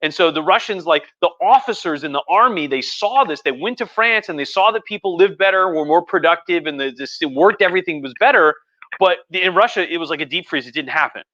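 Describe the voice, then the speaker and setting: A tipsy man with a bright, forceful voice, a touch higher than most, rambles through history in a loose, profane way. The sound is dry and a little dull. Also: animated, a little fast, no echo. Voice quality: profane, rambling, lots of fillers. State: tipsy from wine. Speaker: history professor hosting a drunk livestream. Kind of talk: casual rambling history talk.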